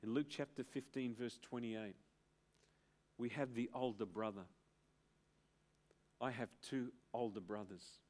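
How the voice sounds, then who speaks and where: A man's voice: medium pitch, darkish tone. Emphatic middle-aged male pastor preaching. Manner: emphatic, with pauses and dramatic build-ups. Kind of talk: sermon.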